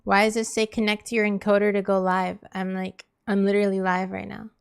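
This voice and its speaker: A woman's voice: medium pitch, little pitch movement, brisk, vocal fry, smooth. A woman streaming live, chatting casually and exasperatedly with her viewers in a rambling way. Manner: exasperated, rambling, talks to chat.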